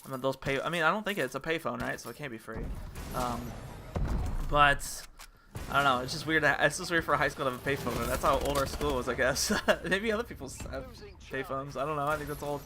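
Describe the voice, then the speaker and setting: A man's voice: medium pitch, quick pace, background noise. A young man telling stories over gameplay in a rambling, casual way. He often restarts his sentences and trails off. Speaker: gaming channel host.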